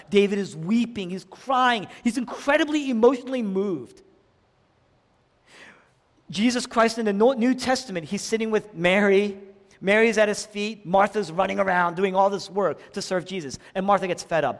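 Guy preaching, high voice, big echoey hall, goes loud then hushed. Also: lively intonation, moderate pace. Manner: dramatic, swings between loud emphatic lines and hushed low ones. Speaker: pastor. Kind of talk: sermon. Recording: long hall reverb.

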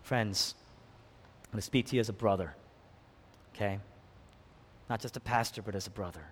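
A pastor preaching a sermon, impassioned, swinging between hushed and loud delivery. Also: male voice, on the low side, normal speed, slightly rough. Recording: long reverb of a large hall.

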